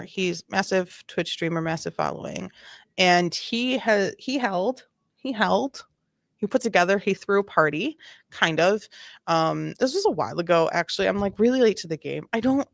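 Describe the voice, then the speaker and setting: A woman in her thirties hosting a casual commentary chat, her lowish voice edged with vocal fry. She rambles and laughs often, and the close recording is dry with no room sound. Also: expressive, normal speed, dry recording. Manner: chatty, rambling, laughs often, frequent fillers. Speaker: commentary channel host.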